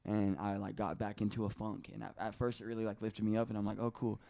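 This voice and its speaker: A man in his twenties, a guest on a podcast, telling a personal story in a casual, animated way, swearing often and acting out what other people said. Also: fairly low pitch, fast, vocal fry. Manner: animated, swears often, acts out quoted voices.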